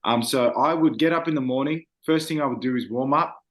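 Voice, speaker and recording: A man's voice: mid-range voice, a little fast. A young man, a singer, talking earnestly and reflectively in a casual interview, with frequent fillers.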